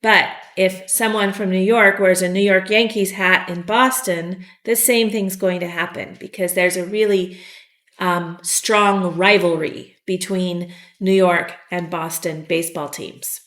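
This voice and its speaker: A woman teaching English vocabulary, explaining slowly and patiently with the odd "um". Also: fairly low pitch, steady tone, fairly bright tone, reverberant. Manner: slow, patient explaining with fillers. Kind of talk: vocabulary lesson.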